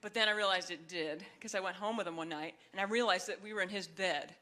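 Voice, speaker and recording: Bright-voiced wry female stand-up. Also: fast talker. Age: young adult. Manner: wry, chatty, acts out voices in high shrill bursts. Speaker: stand-up comedian. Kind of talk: stand-up comedy routine. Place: comedy stage before a live audience. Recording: live club set with audience laughter.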